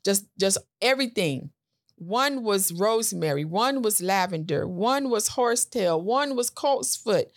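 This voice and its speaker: A middle-aged American woman hosts a podcast and tells a personal story, acting out voices with big jumps in pitch. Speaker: podcast host.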